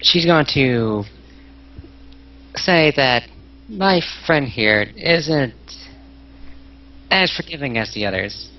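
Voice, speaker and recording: A man's voice: medium pitch, expressive, slow, pauses often. A man playing a tabletop game, casually describing his character's actions, on a muffled recording. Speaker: player. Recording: lo-fi voice chat with faint noise.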